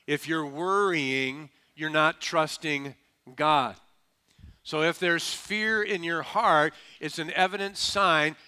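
A man's voice: on the high side, steady tone, measured pace, pushed and bright, smooth. A male pastor preaching a sermon in an emphatic, folksy, humorous way, prompting the congregation to answer. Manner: emphatic, calls for audience responses.

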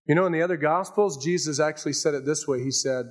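An older man preaching from the pulpit with a somewhat high-pitched voice. He drives his points with raised, emphatic phrases, then drops into quiet, confiding asides. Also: fast talker, few pauses. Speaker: pastor. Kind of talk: sermon.

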